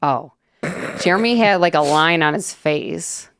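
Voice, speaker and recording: A woman's voice: low voice, measured pace, a bit bright, a little hiss or hum. A woman with a Wisconsin accent co-hosting a podcast, chatting casually and acting out the voices of people in her stories. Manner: chatty storyteller, acts out quoted voices. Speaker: podcast co-host. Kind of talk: casual chat.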